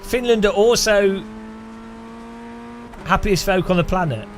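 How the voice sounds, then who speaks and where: A man's voice: high-pitched, unhurried, a little hiss or hum. A man chatting casually on a gaming stream, laughing and grumbling at the game. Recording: light music behind.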